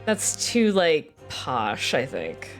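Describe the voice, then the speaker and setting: A woman's voice: sits low, wildly swooping pitch, very slow, soft background music. A woman streamer chatting casually, giggling often and swearing freely. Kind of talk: casual live-stream chat.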